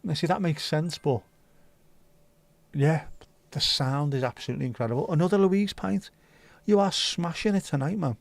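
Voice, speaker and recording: A man's voice: fairly high pitch, expressive, normal speed, creaky, dry recording. A man hosting a casual livestream, chatty and jokey as he reacts to chat messages. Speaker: livestream host.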